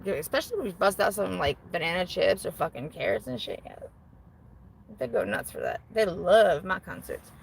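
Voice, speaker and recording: A woman's voice: mid-range voice, expressive, normal speed, creaky, a bit bright, a little hiss or hum, low-quality recording. A middle-aged woman vlogger reading viewer comments in a casual, rambling chat. She mocks herself, swears freely and laughs often. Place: outdoors on a porch while smoking.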